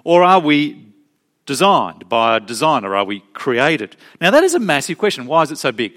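A man's voice: fairly high pitch, sing-song, fairly bright tone. Emphatic preacher man, varied pace. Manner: emphatic, varied pace with slow stressed phrases. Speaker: pastor. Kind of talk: sermon.

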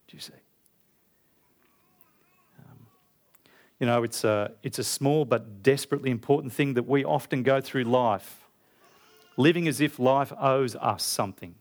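An Australian man preaching a sermon, emphatic, with big animated jumps when he quotes. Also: normal speed, long pauses. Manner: emphatic, rising to loud animated stresses and quoting Jesus with big pitch jumps.

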